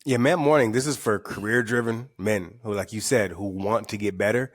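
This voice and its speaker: A middle-aged man, talking in a podcast interview. His voice sits low and is recorded close and dry, with no room around it. He tells stories candidly, often repeating words as he builds up energy. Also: moderate pace, no room sound. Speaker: guest, author and speaker.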